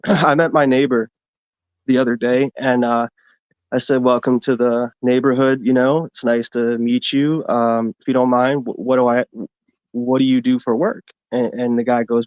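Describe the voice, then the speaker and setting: A man on a livestream panel telling a long joke in a rambling, halting way, full of fillers. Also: medium pitch, level tone, dry recording, muffled recording. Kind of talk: casual debate on a livestream.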